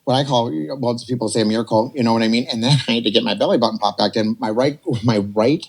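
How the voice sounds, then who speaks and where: A man in his forties telling a personal story on a podcast, animated and rambling, slipping into voices to act out what others said. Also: medium pitch, quick pace. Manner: animated, rambling, jumps between quoted voices. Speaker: podcast guest. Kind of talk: casual storytelling.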